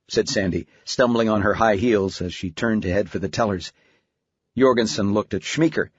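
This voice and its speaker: A man narrating an audiobook in a steady, even storytelling manner. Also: on the low side, normal speed, husky, no room sound. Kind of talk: scripted narration. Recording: dry, slightly dull studio audio.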